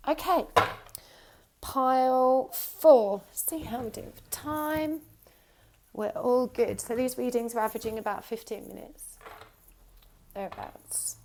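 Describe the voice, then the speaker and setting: A woman with a sore throat and an odd high-pitched twang, giving a pick-a-card tarot reading and often saying what she feels. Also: darkish tone, a little hiss or hum. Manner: intuitive, repeats "I feel like". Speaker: tarot reader.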